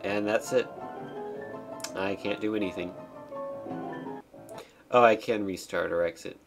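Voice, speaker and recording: A man streaming a game, giving casual commentary with wry, deadpan asides as he reads the game's text aloud. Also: fairly low pitch, a little slow, over music.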